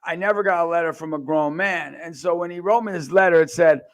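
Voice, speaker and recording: An American man in his forties giving an impassioned faith testimony, swinging from quiet asides to loud acted-out quotes. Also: on the high side, quick pace, hardly any pauses. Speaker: speaker. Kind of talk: personal testimony talk.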